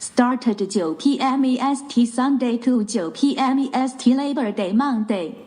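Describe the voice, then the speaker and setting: A woman's voice: a little high, measured pace, warm tone. A woman reading donation messages aloud on a live stream.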